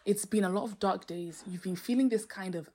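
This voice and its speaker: A woman's voice: medium pitch, fairly quick, mellow. A young woman hosting a faith-based podcast, talking earnestly and animatedly, sometimes exclaiming and laughing as she explains Bible verses. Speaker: podcast host. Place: home, street noise outside.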